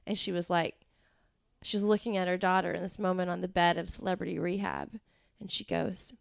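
A woman's voice: on the low side, flat delivery, a little fast, vocal fry, no room sound. A woman guest on a podcast, chatting casually and telling stories with frequent giggles. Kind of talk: casual chat.

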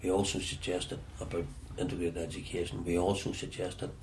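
Deep-voiced Northern Irish man, halting. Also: little pitch movement, darkish tone, a little hiss or hum. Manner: halting, repeats words as he searches for them. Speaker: interviewee recalling his past. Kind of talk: reflective storytelling.

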